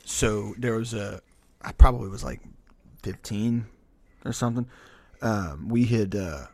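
A man's voice: lowish voice, measured pace, vocal fry, warm tone, dry recording. A young adult man telling a long, profane, rambling story in casual podcast chat. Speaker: podcast host.

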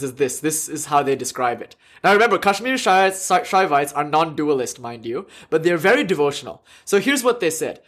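A man giving a classroom lecture, his voice sitting a little high. He talks with animated energy, laughing often and restarting his sentences as he goes. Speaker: lecturer on religion.

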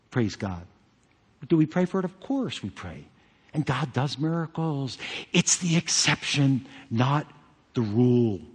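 A man's voice: fairly high pitch, slightly rough. A man pastor preaching a sermon emphatically, with joking asides. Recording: long hall reverb.

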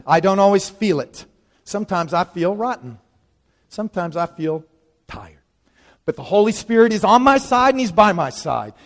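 Man, preacher, sermon, high voice, lively conversational delivery, dramatic pauses, long hall reverb.

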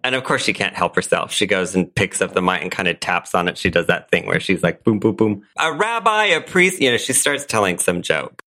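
A man co-hosting a podcast, recapping a sitcom episode in casual, animated chat and laughing often. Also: deep voice, fairly quick, few pauses. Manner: animated storytelling, frequent laughs. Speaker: podcast co-host.

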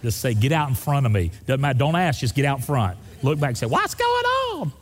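A man preaching a sermon as pastor, asking the congregation questions and jumping high in pitch for emphasis. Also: fast talker. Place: church sanctuary. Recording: long hall reverb of a church.

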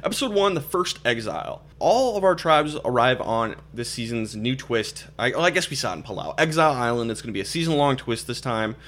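A man's voice: medium pitch, animated, a little fast, few pauses, a bit bright. A young man, hosting a casual podcast and rambling with lots of fillers. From Minnesota. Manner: chatty, rambling, many fillers and restarts. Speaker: podcast host.

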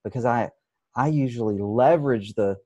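A man who works as an addiction therapist, explaining his approach in an interview with thoughtful pauses and frequent restarts. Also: mid-range voice, muffled recording. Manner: thoughtful, many restarts, acts out examples.

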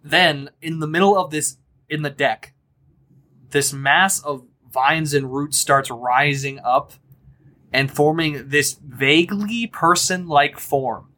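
A man narrating a tabletop game as game master, casual and unhurried. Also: a little high, bright, forceful tone. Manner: casual, unhurried, laughs easily.

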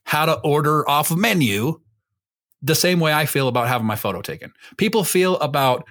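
A man's voice: on the high side, lively intonation, fairly quick, a bit bright. A man co-hosting a podcast in casual chat, rambling and self-mocking, swearing freely. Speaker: podcast co-host.

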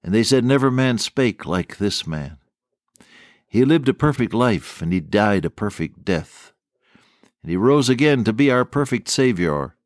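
A man's voice: on the low side, lively intonation, a little slow, no echo, clean studio sound. An older man preaching a radio sermon, telling stories in a folksy, earnest way.

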